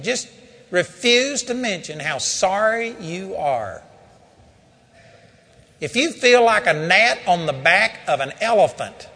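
His voice high-pitched, husky and sharp, an older preacher shares a personal story during a sermon. The telling rises into emphatic exhortations aimed at the congregation.

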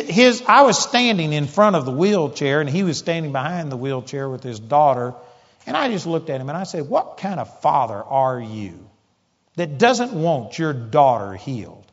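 Man, storytelling preacher, fairly high voice, dull muffled sound. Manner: storytelling, emphatic and conversational. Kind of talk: sermon. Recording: dull audio in a large hall with long reverb.

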